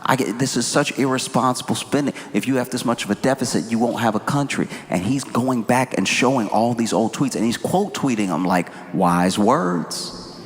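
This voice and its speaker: A man doing stand-up comedy as host, animated and incredulous, swinging between shouts and mutters. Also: medium pitch, slight background noise. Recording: roomy hall with audible ambience.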